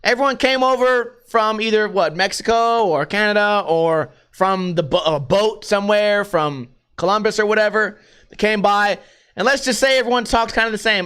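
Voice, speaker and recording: High-voiced, profane male podcaster. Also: moderate pace, sharp tone, clean tone. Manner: profane, rambling, throws in put-on voices. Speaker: podcast host. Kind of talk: casual solo podcast rant.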